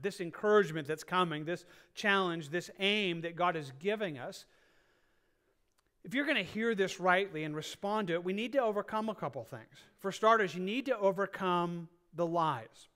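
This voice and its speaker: A man's voice: high voice, a bit bright. A man preaching a sermon in a church as pastor, earnest, often restarting phrases and drawing out key words. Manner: earnest, repeats and restarts phrases, drawn-out stresses.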